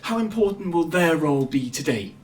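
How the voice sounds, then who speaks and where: A man's voice: fairly high pitch, animated, brisk, faint music behind. Interviewer man in a roomy space. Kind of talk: mock sports interview. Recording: roomy sound from a distance.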